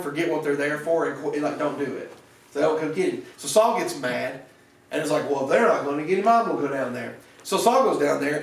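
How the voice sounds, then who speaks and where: A pastor with a Southern American accent and a slightly high male voice preaches a conversational evening sermon in a church sanctuary. He retells scripture stories using little voices and restarts often. The recording is echoey, picked up from far off in the church.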